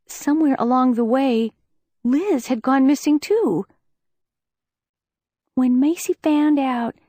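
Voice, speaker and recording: A woman narrating a first-person audiobook in a measured, earnest storytelling manner. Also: fairly high pitch, a little mellow, no room sound, studio quality.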